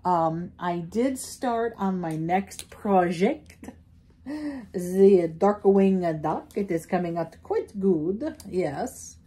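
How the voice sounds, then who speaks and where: A woman's voice: fairly low pitch, lively intonation, very slow, warm tone, husky. A middle-aged woman from New York gives a casual crochet tutorial in a rambling, chatty way, with many fillers and restarts. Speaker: crochet teacher.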